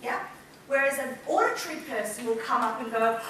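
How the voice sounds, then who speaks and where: A woman's voice: on the high side, lively intonation, moderate pace, a bit bright, slight background noise. A woman with an Australian accent giving a playful seminar talk to a live audience. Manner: playful, acts out flirty quotes with gasps and laughs. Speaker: business speaker. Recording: echoey room, mic far off.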